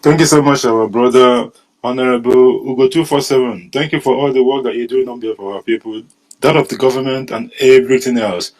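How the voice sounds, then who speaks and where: A man's voice: mid-range voice, fairly even intonation, brisk, rough recording. A man speaking earnestly and emphatically in a live online broadcast.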